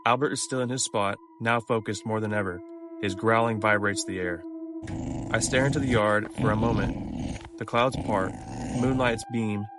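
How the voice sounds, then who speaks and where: A man reading scripted horror stories aloud in a measured, low-key way. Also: fairly even intonation, heavy background noise. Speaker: narrator. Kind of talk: scripted horror story narration. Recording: music clearly behind the voice.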